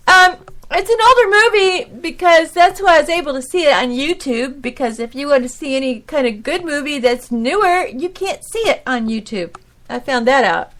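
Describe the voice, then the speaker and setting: Woman, high voice, middle-aged, emotional, rambling, preachy rant, laughing often. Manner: animated, preachy ranting. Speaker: podcast host. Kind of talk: casual monologue.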